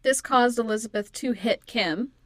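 A woman reads a true crime story between bouts of laughing, teasing and swearing banter. Her voice is a bit high and sounds dry and close, with no room around it. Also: normal speed, a bit bright, no room sound. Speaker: podcast co-host.

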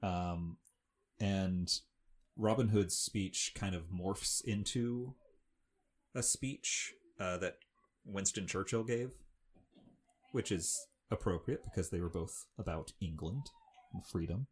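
A man's voice: sits low, slow pace, slightly rough. A man co-hosting a podcast, recapping a film in casual, rambling chat full of fillers and restarts. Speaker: podcast co-host.

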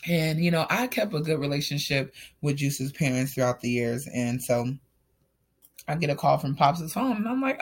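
A man's voice: fairly high pitch, lively intonation, moderate pace. Man telling a candid personal story. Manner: candid and emotional, speaks in loose run-on sentences. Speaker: storyteller sharing a personal testimony.

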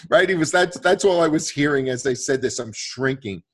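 A man casually telling a story in conversation, animated and often slipping into the quoted voices of others. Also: on the high side, a little fast. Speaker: guest storyteller.

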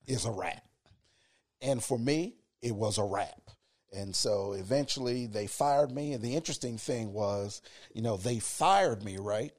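A man in his fifties with a deep radio voice, speaking reflectively as a college educator in a relaxed interview. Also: unhurried.

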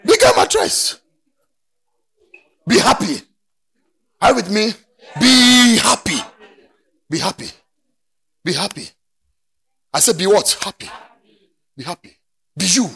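A man preaching a sermon, dropping to quiet talk and then rising to shouted, sing-song preaching. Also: high-pitched, very animated, moderate pace, creaky, pauses often, husky.

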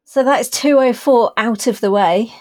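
A woman co-hosting a podcast in casual chat, talking through a TV episode in thoughtful, drawn-out explanations with a dry, self-deprecating humor. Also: a little high, darkish tone. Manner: thoughtful, explains her views at length. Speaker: podcast co-host.

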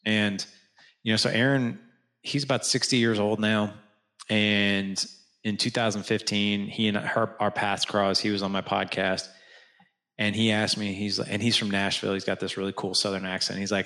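Man, gravelly voice, low pitch, storytelling guest, acts out dialogue, chatty fillers. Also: normal speed. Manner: animated, acts out quoted dialogue; frequent restarts and "like" fillers. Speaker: podcast guest, founder of a fathers' organization. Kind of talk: conversational storytelling.

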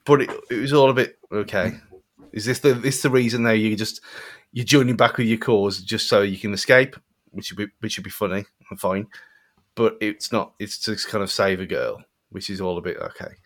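A male podcast co-host chats casually and wryly about a film, rambling and trailing off. His voice is lowish and steady in tone, at normal speed.

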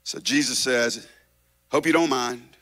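A male pastor preaching an impassioned revival sermon, swinging between shouting and hushed tones. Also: mid-range voice, unhurried.

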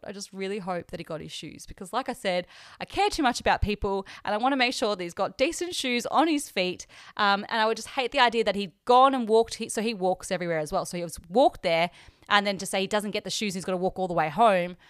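Australian woman, young, podcast host, storytelling, smooth clear voice, dry close sound. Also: medium pitch, fast talker, no echo. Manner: chatty, emotional, quotes herself and others in lively voices. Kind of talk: personal storytelling. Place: hotel room.

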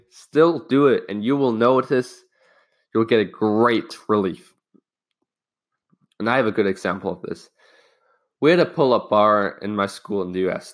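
A young man hosts a laid-back self-help podcast, telling a personal story candidly with some swearing. His voice is medium-pitched and a bit bright. His phrasing is loose and rambling, with frequent restarts.

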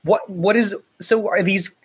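A man's voice: high voice, steady tone, a little slow, slight background noise. A man chatting casually as a podcast guest, teasing and a little hesitant. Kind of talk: casual chat.

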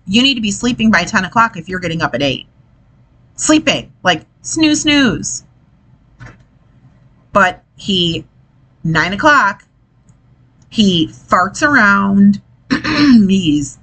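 A woman's voice: medium pitch, sharp tone, breathy edge, low-quality recording. A woman hosting a casual podcast, a mother talking in an exasperated, chatty way and swearing now and then. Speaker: podcast host, parent. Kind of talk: casual monologue. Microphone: desk mic, hits it while gesturing.

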